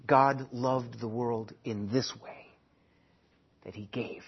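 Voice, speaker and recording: A man preaching a sermon at a church service. He repeats key phrases and swings between quiet and loud delivery. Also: mid-range voice, expressive, slow pace, husky. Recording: dull lo-fi sermon recording.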